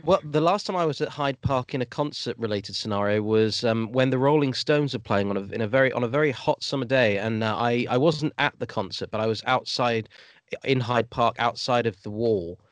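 A man's voice: mid-range voice, a little fast, dry recording. A man guesting on a podcast, hesitant with many ums and a dry wit. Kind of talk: casual chat.

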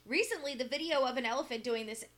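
A woman's voice: high-pitched, quick pace, a bit bright. A woman co-hosting a casual podcast chat, reading an article aloud and breaking off with dry asides.

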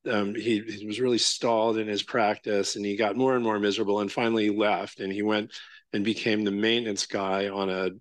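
A Zen teacher giving a dharma talk in a casual, halting way, full of fillers and check-ins with the listeners. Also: male voice, on the low side, flat delivery, no room sound.

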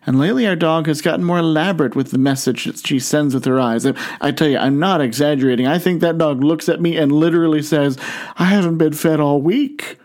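A male pastor preaching a sermon in a storytelling manner, slowing down and stretching words for emphasis. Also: on the high side, fairly even intonation, darkish tone.

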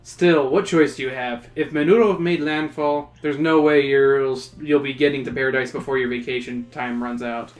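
A low-pitched woman co-hosts a casual reading podcast. She trades jokes with friends and reads the narration in a slower, deliberate way. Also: fairly even intonation, darkish tone, faint music behind. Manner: laughing, joking, reads narration slowly. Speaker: podcast host reading the book aloud. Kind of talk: casual chat and reading aloud.

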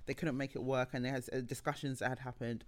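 A woman co-hosting a podcast, chatting casually and telling stories in an animated way with many restarts. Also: rumbling low, fast. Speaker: podcast co-host. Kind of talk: casual chat.

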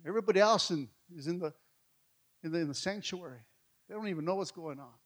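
A middle-aged male pastor, telling a story in a sermon, swinging between hushed and loud. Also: sits high, fast.

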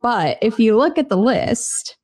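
A woman co-hosting a casual sports talk show, chatty and quick to laugh. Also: fairly high pitch, expressive, a little mellow. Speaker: co-host.

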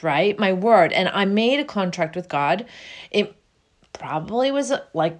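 A woman giving an effusive spiritual monologue, halting and restarting often as she talks. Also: medium pitch. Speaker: spiritual speaker.

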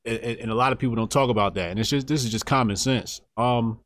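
A man in casual podcast talk, making measured arguments. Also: medium pitch, fairly bright tone, no echo, clean studio sound.

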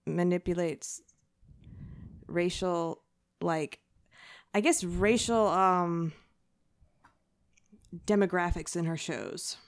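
A woman from the American South co-hosting a casual podcast chat, wry and quick with jokes, often laughing. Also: on the low side. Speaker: podcast co-host.

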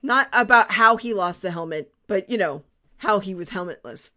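A young woman hosting a casual podcast chat, playful and quick to laugh. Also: lively intonation, pushed and bright. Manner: playful, laughs often, swings in pitch. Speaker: podcast host.

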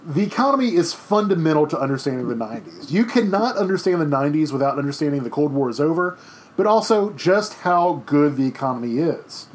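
A man's voice: fairly high pitch, expressive, fairly quick. A man in his thirties giving a conversational history lecture from home, rambling and restarting with lots of fillers. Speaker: teacher. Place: home during quarantine.

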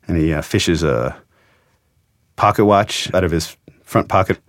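Low-voiced man recounting a story. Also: a little slow, long pauses, no echo, clean studio sound. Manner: earnest, reflective, emotional retelling. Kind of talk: storytelling interview.

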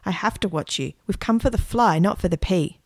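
A woman's voice: on the low side, a little fast, no echo, studio quality. A woman voicing a bossy, bold young girl who gives orders and teases. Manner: commanding and teasing.

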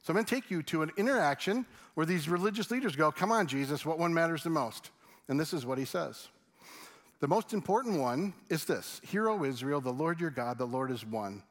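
A middle-aged man preaching a sermon, swinging between loud excited stories and hushed, earnest appeals. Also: on the high side, a little fast. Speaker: pastor.

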